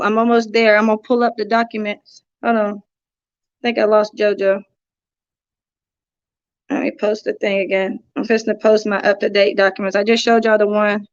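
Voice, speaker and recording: A woman's voice: medium pitch, flat delivery, moderate pace, long pauses, no echo, lo-fi sound. A woman hosting a casual livestream, distracted, talking to viewers while working her phone. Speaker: livestream host.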